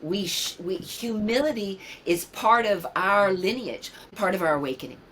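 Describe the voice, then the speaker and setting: An older woman from New York speaks as a guest in a reflective conversation. Her mid-pitched voice stays earnest and musing, and she circles back to repeat her key phrases. Faint noise sits under her words. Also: normal speed, a bit bright, rough recording. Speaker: guest, yoga teacher.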